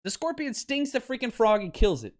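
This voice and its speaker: A man hosting a sports podcast, ranting in an animated, exasperated way at a close desk mic, going from near-shouting to low muttering. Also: fairly quick. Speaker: podcast host. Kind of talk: sports talk rant.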